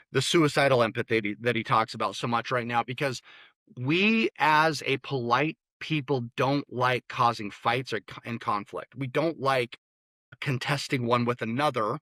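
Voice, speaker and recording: A man's voice: medium pitch, bright, forceful tone, no echo. A man, a therapist and interview guest, talking bluntly and opinionatedly, often restarting his words. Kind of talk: casual interview talk.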